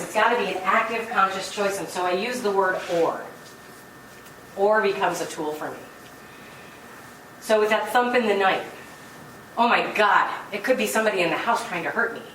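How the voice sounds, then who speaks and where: A woman's voice: mid-range voice, fairly bright tone, a little hiss or hum. Earnest woman speaking in a roomy hall. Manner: earnest and storytelling, with light laughs. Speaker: spiritual speaker. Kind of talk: inspirational talk to a gathering. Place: meeting room. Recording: roomy hall, distant mic, faint ambience.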